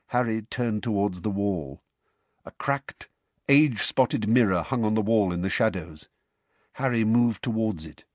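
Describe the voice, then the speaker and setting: A man reads a story aloud with a lively, expressive rise and fall, steady and measured. The sound is dry and close, with no room around it. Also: fairly low pitch, no echo. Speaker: audiobook narrator. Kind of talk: storybook narration.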